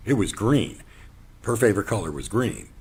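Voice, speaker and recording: With a lowish, husky voice at a normal pace, this podcast host recounts something from his own life in monologue form. He performs the quotes with animation and now and then sinks into a whisper.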